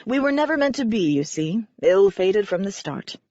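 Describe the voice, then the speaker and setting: A woman voicing a flamboyant, theatrical middle-aged warlock father who speaks in a slow, grandiose, pompous way. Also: mid-range voice, sing-song, mellow, no echo, natural voice. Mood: wistful, grandiose. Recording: dry, slightly dull recording.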